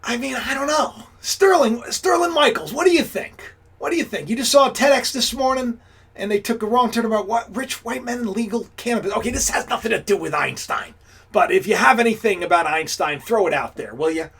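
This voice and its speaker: A man's voice: very high-pitched, expressive, fairly quick, gravelly, a bit bright, breathy edge. A man hosting a casual live stream, talking straight to his viewers, greeting them and rambling with frequent restarts. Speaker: livestream host.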